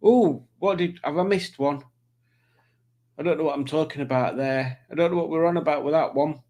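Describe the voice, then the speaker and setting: Chatty man hosting a livestream. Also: medium pitch. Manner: rambling and jokey, with frequent ums and self-corrections. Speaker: livestream host. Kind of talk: casual chat reading out viewer comments.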